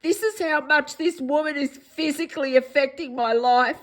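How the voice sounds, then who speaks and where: An Australian woman in a distressed personal vlog monologue, upset and pleading, repeating herself, her voice going hoarse. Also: high voice, moderate pace, rough recording. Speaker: vlogger.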